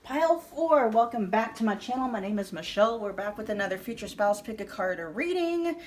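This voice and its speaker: A woman's voice: fairly high pitch, expressive, a little fast. A woman with a Midwestern accent giving a casual tarot reading to her viewers, chatty and thinking aloud with many fillers and restarts. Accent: Midwestern American. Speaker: tarot reader.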